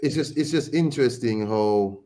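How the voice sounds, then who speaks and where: A man chatting as co-host on a casual boxing podcast. He talks haltingly, stumbling and repeating words before he gets the thought out. His voice sits in an ordinary middle pitch. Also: warm tone, faint music behind.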